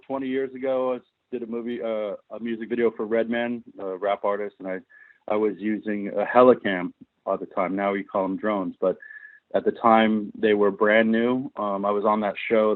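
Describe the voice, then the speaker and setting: A man with a fairly low voice appears as a filmmaker guest in an interview, telling long, passionate stories about his work. The recording is dry and tinny, like a phone line.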